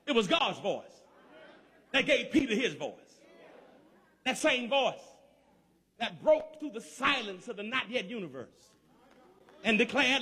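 Male preacher, high and lively, shouts in rhythm, calls on the congregation. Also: measured pace, long pauses, breathy edge. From Georgia, USA. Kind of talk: sermon.

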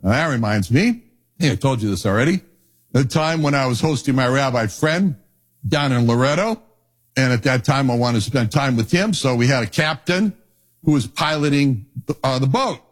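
An older man giving a sermon as pastor, telling folksy personal stories with an animated, conversational delivery. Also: medium pitch, normal speed. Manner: storytelling, animated, folksy asides.

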